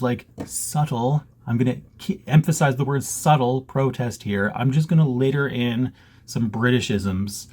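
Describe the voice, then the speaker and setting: A man chatting casually to camera from his basement, joking, self-mocking and laughing often. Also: mid-range voice. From Canada. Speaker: cross-stitch vlogger. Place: home basement.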